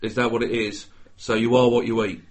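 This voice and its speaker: A man's voice: mid-range voice, little pitch movement, a little fast. A British man co-hosting a casual podcast, joking and swearing freely. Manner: sweary, laughing, stammering. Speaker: podcast co-host.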